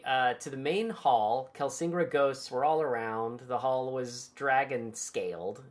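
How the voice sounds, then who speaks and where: A woman hosting a podcast and recapping a book chapter in casual, irreverent chat, swearing and laughing easily. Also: very deep voice.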